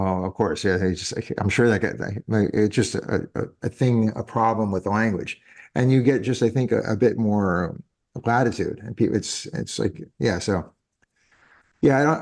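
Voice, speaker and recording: With a lowish, darkish voice, this French-resident podcast host in his fifties keeps the interview casual. He rambles, goes back to fix what he said, and chuckles frequently.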